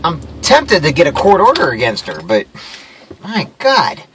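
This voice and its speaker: A man's voice: a little high, huge pitch swings, a little slow, background noise. A man casually retelling an exasperating run-in, relaying the back-and-forth with lots of "I was like", talking from inside a vehicle. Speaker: storyteller. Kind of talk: casual storytelling.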